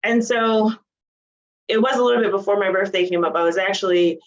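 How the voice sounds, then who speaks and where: Animated, laughing woman telling a story. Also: mid-range voice, brisk, lo-fi sound. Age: 40s. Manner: animated, laughs often, acts out quoted voices. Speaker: guest, bodybuilding coach. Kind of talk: casual interview storytelling.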